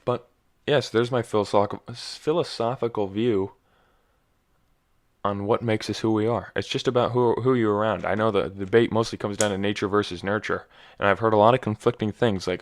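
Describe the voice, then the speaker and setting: Young male podcast host, low and smooth, self-deprecating ramble, slightly scratchy voice. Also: fairly even intonation, normal speed. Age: young adult. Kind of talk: casual solo monologue.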